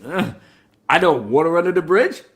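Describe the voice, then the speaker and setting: A man giving a casual, profane spoiler movie review, talking in an animated way and laughing often. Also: on the high side, normal speed.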